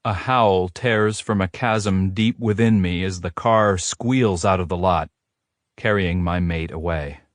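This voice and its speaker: A man narrating a romance audiobook in a steady, first-person storytelling manner. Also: sits low, unhurried, no echo, clean studio sound.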